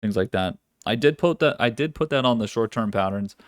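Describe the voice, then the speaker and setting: A man with a fairly low voice and a dry, close sound talks through market analysis on a live trading stream. He is casual and loose, swears now and then, and keeps restarting his sentences as he thinks aloud. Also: expressive, fairly quick, dry recording.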